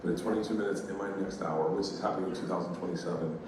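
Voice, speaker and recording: A man's voice: low voice, fairly even intonation, very fast, far from the mic, background noise. A male stand-up comedian telling stories on stage, rambling and profane, often laughing at his own jokes. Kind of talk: stand-up storytelling. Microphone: handheld stage mic heard from a distant recorder. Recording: very echoey room taped from afar, loud crowd ambience.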